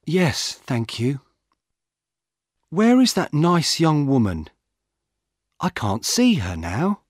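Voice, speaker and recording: A bewildered elderly woman, put on by a male narrator, speaks slowly in a raised, husky voice. Her lines come from a simple storybook. The sound is dry and close. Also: a little high, huge pitch swings, no room sound, voice pushed up, exaggerated voice. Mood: flustered. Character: elderly woman, upset and confused.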